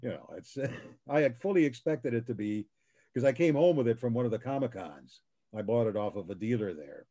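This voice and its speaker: An older man with a soft, gentle, soothing voice. He tells his stories slowly and calmly, and his pitch rises and falls a great deal. He is heard over a video call. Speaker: voice actor guest. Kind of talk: casual chat on a video call.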